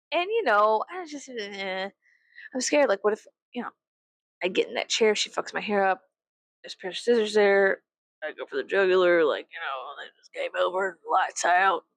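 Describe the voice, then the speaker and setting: A woman's voice: mid-range voice, fairly bright tone, no room sound. A woman vlogging in a casual rant, swearing freely, giggling and rambling.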